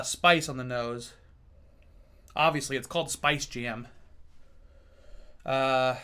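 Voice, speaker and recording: A man with a fairly high, bright, forward voice, talking loosely through a whiskey tasting on a livestream. He jokes, curses casually and chats back to viewers between sips. His tone is relaxed and unscripted. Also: clean tone. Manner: loose, joking, swears freely. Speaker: whiskey reviewer and streamer.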